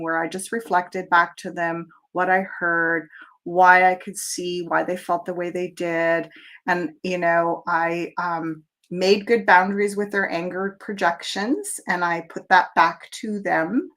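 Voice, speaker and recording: A middle-aged woman hosting a live tarot show, talking in a chatty, reflective way with plenty of fillers. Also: lowish voice. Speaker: tarot reader.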